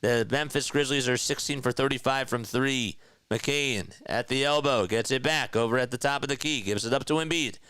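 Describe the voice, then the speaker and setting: A man's voice: medium pitch, normal speed, a bit bright, clear, resonant tone, no echo. A man doing a homemade play-by-play call of a basketball game as a partisan fan, frustrated and exasperated with his team, recorded at home on a streaming mic. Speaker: amateur play-by-play caller. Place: home room.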